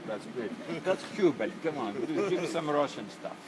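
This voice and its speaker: A man's voice: a little high, animated, normal speed, over loud music, low-quality recording. A middle-aged bandleader, chatting casually and laughing often as he greets his band on a concert stage before sound check. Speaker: bandleader and musician. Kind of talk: casual backstage video chat. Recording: loud background noise on stage.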